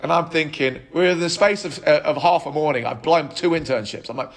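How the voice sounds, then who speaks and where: A man in his thirties, a podcast guest telling his life story in an animated way, with frequent restarts. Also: a little high, a little fast. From United Kingdom. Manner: animated, acts out quoted dialogue, frequent restarts. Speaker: podcast guest, app co-founder.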